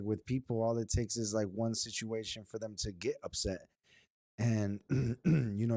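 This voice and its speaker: Mellow man, hesitant and reflective. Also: medium pitch, no echo, studio quality. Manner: hesitant, reflective, many restarts. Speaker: podcast co-host. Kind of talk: casual podcast chat.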